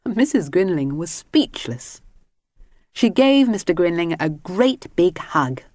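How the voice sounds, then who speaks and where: A woman narrates a children's storybook at an unhurried pace, her lowish voice rising and falling with lively melody. Her reading is gentle and expressive, recorded close and dry. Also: no room sound. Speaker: audiobook narrator.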